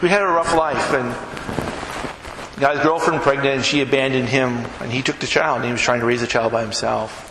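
A man's voice: medium pitch, steady tone, brisk, pushed and bright. A man preaching as a pastor, telling a story conversationally and acting out both sides of the dialogue. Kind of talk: sermon storytelling. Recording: echoey hall with background noise.

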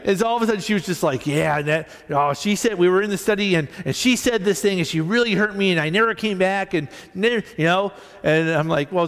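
A male pastor preaching a sermon, animated as he tells stories and acts out both sides of conversations. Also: a little high, long reverb tail. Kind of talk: sermon with storytelling.

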